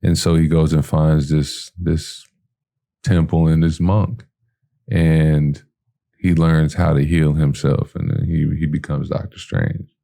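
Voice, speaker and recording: A man with an extremely low, creaky voice speaks slowly as he casually tells a personal story. He's an animated storyteller, acting out his own lines and other people's while using lots of fillers.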